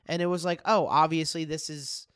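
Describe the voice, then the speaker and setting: Young guy on a sports pod, kinda high voice, dry close mic, laughs a lot, swears. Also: fairly even intonation, moderate pace, a bit bright, clear, resonant tone, no echo. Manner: loose, laughing, swears freely. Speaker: podcast co-host. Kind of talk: casual sports chat.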